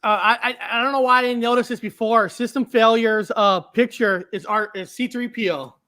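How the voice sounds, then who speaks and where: A woman co-hosting a podcast, talking hesitantly with many pauses and restarts in casual chat. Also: fairly high pitch, fairly bright tone, no echo, clean studio sound. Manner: hesitant, many fillers and restarts, self-conscious.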